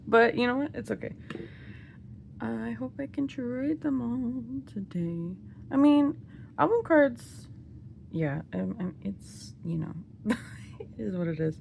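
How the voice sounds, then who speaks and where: A woman's voice: medium pitch, expressive, slow pace, gravelly, long pauses, darkish tone, a little hiss or hum. A young woman, gushing and giggling as she unboxes albums in a casual vlog. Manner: giddy, gushing, laughs often. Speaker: unboxing vlogger. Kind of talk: excited casual unboxing chat.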